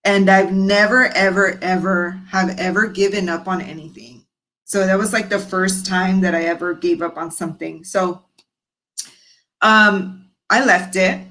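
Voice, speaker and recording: A woman's voice: mid-range voice, steady tone, unhurried, a bit bright, rough recording. A woman guest in her thirties on a podcast, telling her story frankly and expressively, acting out the voices of people she quotes. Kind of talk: candid storytelling interview.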